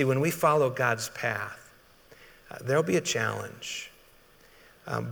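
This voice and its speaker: A man's voice: mid-range voice, fairly bright tone. A male pastor delivers a sermon in a conversational way, putting questions to his listeners. His voice sits in the middle range for a man. A long reverb from the hall trails each phrase. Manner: conversational, asks the congregation questions.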